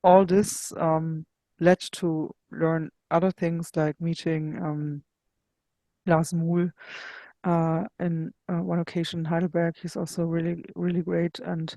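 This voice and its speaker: A woman being interviewed who tells a candid personal story in a searching way, often pausing to find her words. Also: on the low side, little pitch movement, warm tone, dry recording. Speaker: interview guest.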